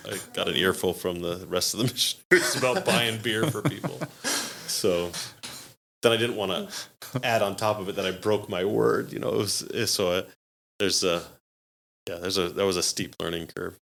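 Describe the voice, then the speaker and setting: A man's voice: deep voice, normal speed, gravelly. A man, a podcast guest, telling stories in a casual way and acting out the people he quotes. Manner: animated, acts out quoted voices with laughs. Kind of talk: casual storytelling.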